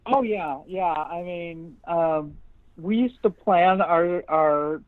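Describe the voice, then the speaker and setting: A woman's voice: fairly low pitch, slow pace, no room sound. A woman from upstate New York, a guest in a casual interview chat, talking bluntly and swearing freely as she tells stories. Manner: blunt and profane, laughs while telling stories. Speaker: interview guest, radio host. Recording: dull, dry lo-fi podcast audio.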